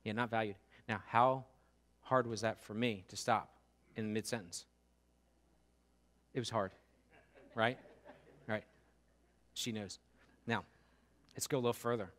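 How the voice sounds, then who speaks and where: Male pastor, casual sermon delivery, acts out quotes, punches repeated words loudly. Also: on the low side, fairly even intonation, a little slow, long pauses. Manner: conversational preaching with acted-out quotes and rising emphasis. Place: church sanctuary.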